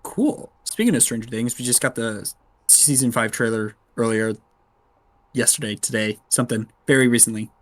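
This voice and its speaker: A man's voice: medium pitch, normal speed, dry recording. A man co-hosting a casual podcast who chats in an easygoing way and reacts with short replies. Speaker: podcast co-host.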